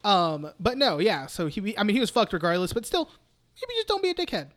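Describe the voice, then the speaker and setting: High-voiced man rambling about a movie. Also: wildly swooping pitch, fairly quick, fairly bright tone. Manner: rambling, profane retelling of scenes with mock quotes. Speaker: podcast co-host. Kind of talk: casual movie chat.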